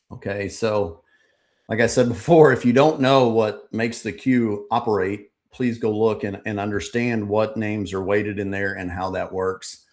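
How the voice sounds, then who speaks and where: Guy with a lowish voice going over his trades on a live stream, chill and rambly, lots of ums. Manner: relaxed, rambling, frequent ums and uhs. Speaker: trading channel host. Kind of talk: casual live market recap.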